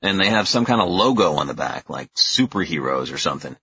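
Husky low-voiced male narrator. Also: expressive, normal speed, hardly any pauses, pushed and bright, no echo. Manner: wry, exasperated. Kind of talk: first-person audiobook narration. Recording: dull, dry lo-fi recording.

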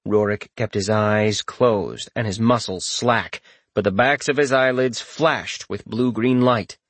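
A man reading a fantasy audiobook in steady, even storytelling narration. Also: on the low side, a little slow, no room sound.

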